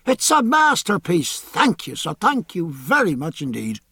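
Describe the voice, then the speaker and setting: A man reading an audiobook, voicing a delighted, effusive gentleman who thanks his host warmly. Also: high-pitched, very animated, takes it slowly, slightly rough, no room sound, clean studio sound, voice pushed up, heavily acted. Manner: effusive, grateful. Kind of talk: audiobook character voice.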